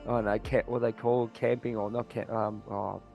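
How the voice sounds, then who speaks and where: Aussie guy host, rambles, hunts for words, says mate a lot, soft music under it. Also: fairly low pitch, flat delivery, normal speed, vocal fry. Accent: Australian. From Western Australia. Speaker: podcast host. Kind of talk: casual interview chat.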